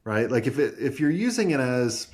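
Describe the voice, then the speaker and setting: A man's voice: mid-range voice, big pitch swings, moderate pace, darkish tone, slightly rough. A man who owns an agency, talking bluntly and emphatically in a casual podcast conversation and swearing freely. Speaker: agency owner.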